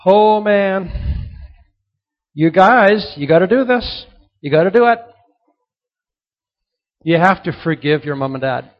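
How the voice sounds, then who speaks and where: A middle-aged man giving a motivational sermon to young people, emphatic and repetitive, sometimes dropping to a soft earnest tone. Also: sits high, lively intonation, unhurried, long pauses. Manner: emphatic, repeats key points, drops to soft earnest tones. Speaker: youth speaker. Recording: dull lo-fi recording.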